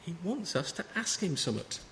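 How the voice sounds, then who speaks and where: A man in his thirties preaches a sermon and tells stories in a conversational way. His voice sits a little high. The hall has a long reverb and a faint ambient hum behind it. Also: big pitch swings, a little fast, fairly bright tone.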